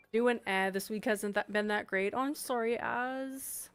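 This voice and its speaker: A woman's voice: a little high, steady tone, takes it slowly, hardly any pauses, smooth. A woman live-streaming as she works on game designs, chatting casually with her chat, reading messages aloud and laughing often. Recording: faint background music.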